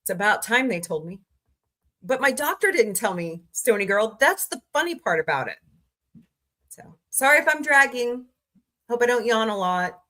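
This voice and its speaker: A woman hosting a casual livestream, greeting viewers by name and listing her channels, tired and low on energy today. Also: pushed and bright. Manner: chatty, greets viewers by name, rattles off lists. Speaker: livestream host.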